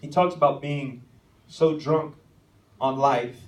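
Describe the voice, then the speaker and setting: A man's voice: medium pitch, takes it slowly, recorded from a distance. Preacher man telling a story in an echoey church. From American. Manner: storytelling, rising to shouted calls at peaks. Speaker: pastor. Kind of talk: sermon. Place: church sanctuary. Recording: echoey church hall, mic from afar.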